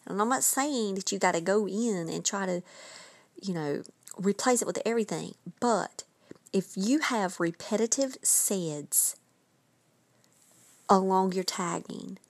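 A woman hosts a podcast of writing advice, chatty and emphatic, dropping in quick asides as she goes. Her voice sits at an ordinary middle pitch, and the recording is dry and close with no room sound. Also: no echo. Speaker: podcast host and writing coach.

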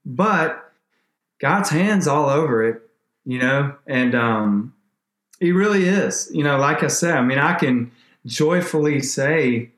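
A man, a podcast guest, telling an emotional faith story in a rambling, animated way with many restarts. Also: medium pitch, slow, reverberant.

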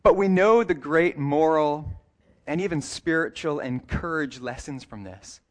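Conversational male pastor preaching. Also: on the high side. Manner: conversational preaching with self-corrections and light humor; reads scripture passages slowly and deliberately. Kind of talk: sermon.

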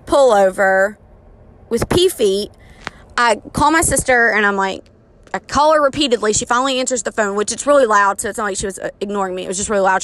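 A woman in her thirties telling an embarrassing story in a casual, chatty way, often poking fun at herself. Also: on the high side. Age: 30s. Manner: chatty, self-mocking, animated retelling.

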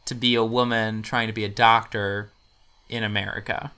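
A man hosting a podcast, telling history in casual chat with dry, deadpan jokes. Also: on the low side, moderate pace, clear, resonant tone. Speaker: podcast host presenting history.

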